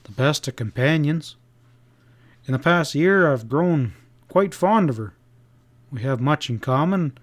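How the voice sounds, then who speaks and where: A man reading the part of a grave, brooding young cowboy in a low, subdued tone. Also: expressive, a little slow, long pauses. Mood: dull subdued.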